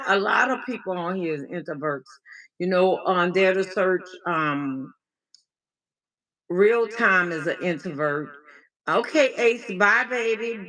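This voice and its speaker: A woman's voice: lowish voice, fairly bright tone, low-quality recording. A woman life coach hosting a casual livestream check-in. She is playful and chatty, answers viewers by name, calls them baby and mixes in encouragement and faith talk.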